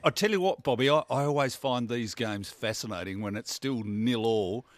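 A man's voice: medium pitch, moderate pace, no echo. A man with an Australian accent, co-hosting morning radio in a jokey, bantering way. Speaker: radio co-host.

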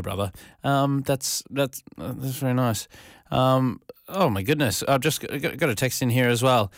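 A man's voice: medium pitch, moderate pace, fairly bright tone, dry recording. An Australian man hosting a radio show in a studio, chatting casually and rambling with lots of fillers and restarts. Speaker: radio host. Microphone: studio microphone.

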